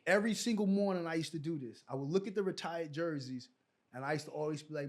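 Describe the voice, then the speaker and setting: Speaking fast with a fairly high pitch, this middle-aged man recounts stories as a guest in a relaxed interview. Once a pro basketball player, he animatedly performs the quoted exchanges he recalls.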